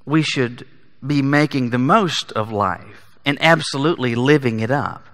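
A man's voice: medium pitch, a little slow. Emphatic preacher man in a reverberant hall. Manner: emphatic, rising to forceful peaks on key lines. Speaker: pastor. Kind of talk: sermon. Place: church sanctuary. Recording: long church hall reverb.

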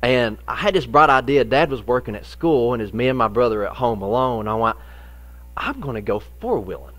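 A middle-aged male pastor with a drawl, telling a homespun story from the pulpit. His voice sits at an ordinary pitch, and a low electrical hum runs under the recording. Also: fairly quick. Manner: folksy storytelling, animated in the funny parts, softer when serious. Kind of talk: sermon with personal story.

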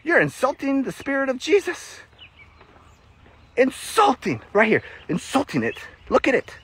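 A man giving a casual, animated Bible teaching during a walk-and-talk, laughing often and getting emotional. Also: extremely high pitch, measured pace, slightly rough. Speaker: Christian ministry teacher.

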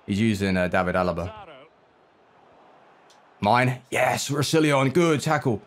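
A young man talks through a football video game match as he plays it. His voice swoops up and down with lively swings, sitting at a middling pitch. He is excitable, groaning at misses and shouting at the referee. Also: unhurried. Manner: excitable, reacting out loud to each play. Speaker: gaming YouTuber. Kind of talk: live gameplay commentary.

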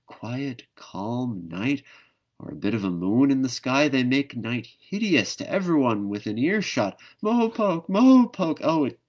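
A man doing a gentle, weary mother kangaroo. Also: mid-range voice, very animated, measured pace, pitched above the performer's own voice. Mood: grumbling. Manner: fussy, sighing complaints.

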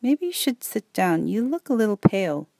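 A woman reading the part of a sweet, tiny old woman in her nineties, in a slow, gentle, doting voice. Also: medium pitch, big pitch swings, gravelly, dry recording, pitched above the performer's own voice. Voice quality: sweet, mellifluous voice. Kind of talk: audiobook reading.

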